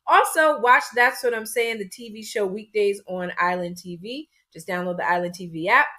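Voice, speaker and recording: A woman's voice: medium pitch, normal speed, bright, forceful tone. A woman co-hosting a podcast, opening the show with energy and then chatting casually with her sister, laughing often. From United States. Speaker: podcast co-host. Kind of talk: casual chat. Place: lives in Florida.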